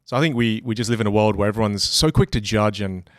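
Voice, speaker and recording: A man who coaches communication, talking as a podcast guest in quick, animated bursts and repeating phrases for emphasis. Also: lowish voice, no echo, studio quality. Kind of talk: casual interview talk.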